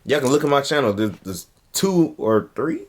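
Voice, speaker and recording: A young man hosting a reaction video, talking in a blunt, animated way, with heavy slang. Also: mid-range voice, moderate pace. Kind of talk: casual reaction commentary.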